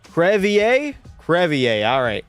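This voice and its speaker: A man's voice: on the high side, slow pace, clean tone, soft background music. A young man streaming a hockey video game, calling the plays like a broadcaster, swearing freely and talking to his chat. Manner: excitable play-by-play, swears freely, talks to chat. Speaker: gaming streamer.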